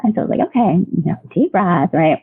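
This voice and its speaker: Husky woman telling a story over a phone line. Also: fairly low pitch, quick pace, no echo. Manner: lively, laughs often, many fillers. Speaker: podcast guest. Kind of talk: emotional storytelling.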